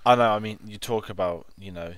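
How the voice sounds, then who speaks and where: A man co-hosting a casual film review, talking in a relaxed, rambling way with lots of "like" and "kind of". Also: on the low side, brisk, smooth, no echo.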